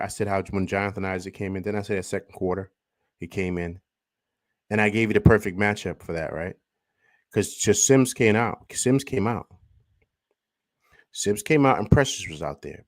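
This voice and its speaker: A man's voice: fairly low pitch, a little mellow, dry recording. A man hosting a sports reaction show, talking heatedly and firing off rhetorical questions. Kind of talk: fan reaction commentary.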